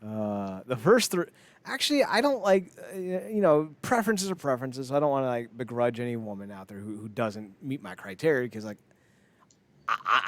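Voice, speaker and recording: A man co-hosting a podcast, chatting in a rambling, jokey way and laughing often. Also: mid-range voice. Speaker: podcast co-host. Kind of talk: casual chat.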